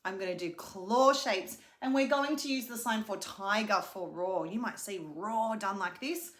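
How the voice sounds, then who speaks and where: A woman's voice: medium pitch, fairly bright tone. A young woman, a speech pathologist, leads a children's lesson, teaching hand signs and singing a simple animal song in a sing-song way. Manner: sing-song, slow and clearly paced for a child. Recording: roomy echo.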